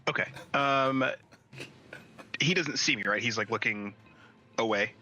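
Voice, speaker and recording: A man playing a tabletop game as a player, calm, gentle and deliberate. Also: medium pitch, dull audio.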